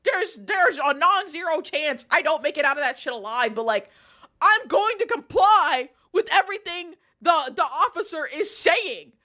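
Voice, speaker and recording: A young woman talks casually on a live stream, mocking what she watches and laughing often. Her voice sits high and sounds bright and forward. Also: expressive, moderate pace. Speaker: streamer reacting to videos.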